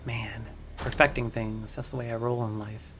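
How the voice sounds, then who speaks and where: A young man chatting excitedly to his viewers while building in a game, slangy and easily distracted. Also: medium pitch, moderate pace, slight background noise. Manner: chatty, hyped, slangy, talks to chat as crew. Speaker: game streamer. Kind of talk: casual livestream commentary.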